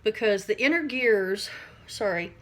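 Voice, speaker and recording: Speaking a little slowly in an expressive, medium-pitched voice, a middle-aged woman gives a casual teaching monologue to camera on everyday stress. She rambles, acts out small voices and laughs at herself along the way.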